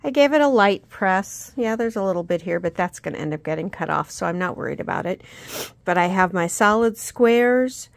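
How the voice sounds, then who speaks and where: A woman's voice: medium pitch, animated, normal speed, vocal fry. A woman hosting a casual quilting tutorial, chatty, with many ums and self-corrections, recorded at her sewing table. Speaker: quilting instructor, channel host.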